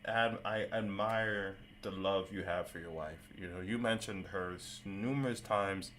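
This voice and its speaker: Stuttering podcast host, animated man. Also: low-pitched, a little slow, slight background noise. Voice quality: stutters, loses words. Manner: animated, laughing, swears casually. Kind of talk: casual podcast chat.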